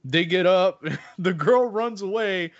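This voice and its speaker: Slowly and animatedly, a high-voiced New man co-hosting a podcast talks casually about films, cursing freely while acting out scenes. His speech swings up and down as he recounts moments, captured in slightly muffled, lo-fi audio.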